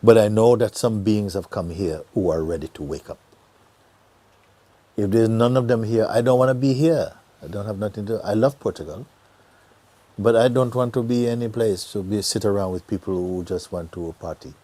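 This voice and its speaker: A middle-aged man giving a gentle satsang talk as a spiritual teacher, often dropping to a near whisper and laughing easily. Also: lowish voice, normal speed. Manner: laughs easily, joyful and earnest.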